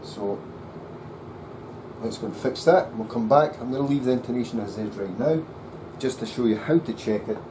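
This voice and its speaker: A man working as a luthier, muttering to himself as he sets up a bass in his workshop. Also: moderate pace, background noise. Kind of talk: workshop commentary.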